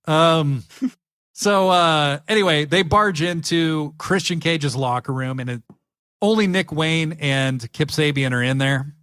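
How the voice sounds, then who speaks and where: A man's voice: on the high side, a little slow, a bit bright, clear, resonant tone. A man co-hosting a casual podcast, animatedly retelling wrestling segments and acting out the lines. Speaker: podcast co-host. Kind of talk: casual wrestling recap chat.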